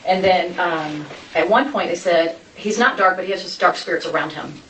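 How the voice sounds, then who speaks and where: A woman's voice: on the low side, steady tone, normal speed. A woman telling her personal story in an interview, rambling, with many restarts and quoted conversations. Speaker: interview guest. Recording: echoey room, from a distance, faint noise.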